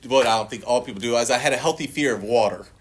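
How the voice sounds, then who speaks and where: A man's voice: medium pitch, racing, slightly rough. A man giving a personal recovery testimony to a meeting audience, telling it as a profane, joking story, laughing often and acting out his own past lines in a livelier voice. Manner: laughs often and shifts into a lively voice when quoting himself.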